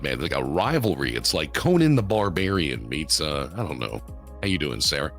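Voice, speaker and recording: A man's voice: low-pitched, huge pitch swings, fairly quick, a bit bright, soft background music. A man from the United States co-hosting a casual live podcast, joking and swearing as he riffs playfully. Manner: joking, profane, playful improvising. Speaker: podcast co-host.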